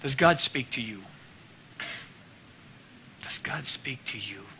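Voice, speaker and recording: A man teaching a class devotional in an earnest way, moving from loud teaching to a hushed prayer. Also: mid-range voice, expressive, slow pace, slight background noise.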